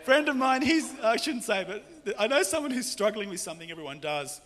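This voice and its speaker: A man with an Australian accent preaching a lively, joking sermon as pastor, often shouting, in a large church hall. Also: high voice, fairly quick. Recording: long church hall reverb.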